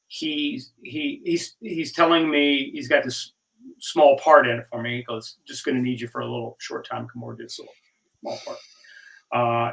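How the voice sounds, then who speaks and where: A middle-aged man guesting on a video call, easygoing and chatty, acting out bits of old conversations as he recounts them. His voice comes across from a bit back from the mic, with a mid-range pitch. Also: creaky, a bit bright, distant mic, rough recording. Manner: easygoing storyteller, acts out dialogue. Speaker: actor guest. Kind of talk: casual interview chat.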